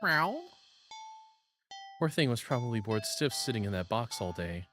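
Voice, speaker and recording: A man's voice: on the low side, lively intonation, brisk, over music. A man playing a text game, reading its narration aloud and breaking off into giggly, self-deprecating asides. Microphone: studio shotgun mic on a boom arm.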